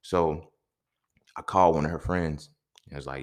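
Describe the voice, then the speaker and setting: A man's voice: rumbling low, steady tone, normal speed, long pauses. A young man and podcast host telling a personal story in an emphatic, profane way, often checking in with his listeners.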